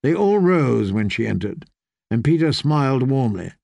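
A man narrating a fantasy novel in a measured storytelling manner. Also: mid-range voice, big pitch swings, gravelly, a little mellow, no echo. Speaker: audiobook narrator.

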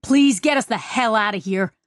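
A woman narrator voicing a calm, steady male ship captain in an audiobook. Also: on the high side, moderate pace, no echo, studio quality, natural voice. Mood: urgent.

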